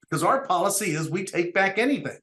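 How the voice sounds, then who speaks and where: Middle-aged business owner guest, earnest storyteller, voice sits a bit high. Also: male voice, expressive, fast, a bit bright. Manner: earnest, tells stories with quoted dialogue. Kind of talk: storytelling interview talk.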